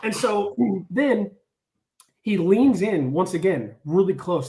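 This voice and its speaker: Animated man telling a story. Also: sits high, unhurried, reverberant. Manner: animated, lots of "like", acts out quotes. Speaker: storyteller on a podcast. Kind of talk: casual storytelling.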